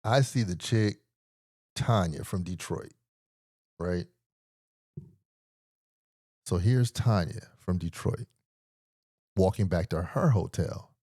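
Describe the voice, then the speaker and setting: A man's voice: deep voice, slow pace, pauses often, a little mellow, no echo, studio quality. A man hosting a podcast, telling a rambling story in a laid-back, profane and slangy way, acting out the lines of the people in it. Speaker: podcast host. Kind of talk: casual comedic storytelling.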